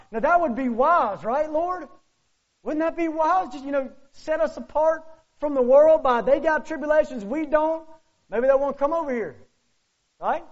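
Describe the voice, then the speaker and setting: A pastor preaching a sermon, firing off rhetorical questions and swinging between loud, urgent lines and hushed ones. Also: male voice, very high-pitched. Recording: muffled lo-fi sermon recording.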